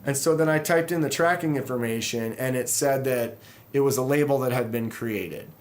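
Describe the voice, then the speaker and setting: Brief: male knife-channel host, mid-pitched, casual rambling rant with sighs, frustrated. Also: moderate pace, slight background noise. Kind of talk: casual livestream chat.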